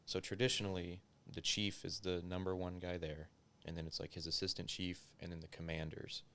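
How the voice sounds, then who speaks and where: Low gravelly man telling a story. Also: level tone, fairly quick, sharp tone. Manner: loose and profane, heavy use of filler words. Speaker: interview guest, former police officer. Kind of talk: casual conversational storytelling.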